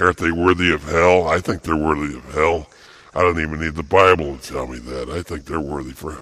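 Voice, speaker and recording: A man's voice: very deep voice, sharp tone, husky, no echo. An older man delivering an angry, agitated monologue, repeating himself and stumbling over fillers. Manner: agitated, repetitive, halting with many fillers.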